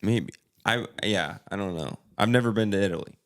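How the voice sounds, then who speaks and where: A man's voice: on the low side, fairly quick. A young man co-hosting a comedy podcast, rambling and laughing as he trails off mid-sentence. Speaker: podcast co-host. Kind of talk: casual comedic banter.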